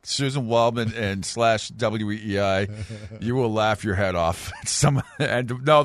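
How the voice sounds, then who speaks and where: A man co-hosting a sports radio show in casual banter, often laughing and getting animated when surprised. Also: fairly low pitch, slow, dry recording. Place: radio studio. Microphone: studio microphone.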